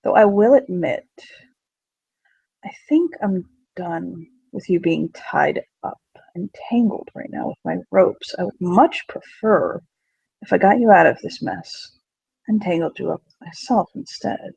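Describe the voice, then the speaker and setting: A playful, flirtatious male lover, put on by a man in a role-play speaks low and teasing in a gravelly, husky voice. The dry recording sounds dull and lo-fi. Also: animated, a little slow, darkish tone, no room sound, full character voice. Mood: tender.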